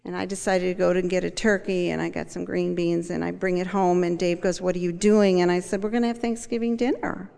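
A woman's voice: on the low side, flat delivery, a little fast, vocal fry, hardly any pauses, a little mellow, clean tone, long reverb tail. A woman, likely in her sixties, candidly telling her personal recovery story and acting out the voices of people in it. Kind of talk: personal testimony.

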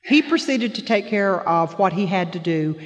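A middle-aged woman shares a heartfelt personal testimony with an audience. She tells it earnestly, and her voice sinks soft and low in the painful parts. Her voice carries a long reverb, as if spoken in a big hall. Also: animated, normal speed. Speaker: guest speaker sharing personal testimony.

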